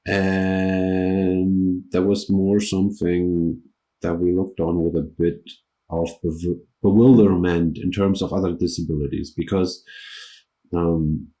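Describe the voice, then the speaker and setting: Low, mellow-voiced man interviewing. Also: little pitch movement, takes it slowly. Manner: hesitant, with many restarts and ums. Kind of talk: conversational interview.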